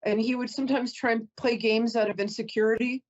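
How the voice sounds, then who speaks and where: A woman's voice: fairly high pitch, steady tone, fairly quick, darkish tone, highs cut off. A woman psychic host doing a reading for a caller, chatty, emotional and apologetic, often close to tears.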